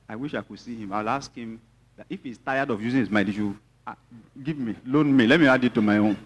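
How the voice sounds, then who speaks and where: A man's voice: medium pitch, quick pace, slight background noise. A man with a Nigerian accent, preaching a sermon as pastor, mixing teasing asides to the congregation with emphatic teaching.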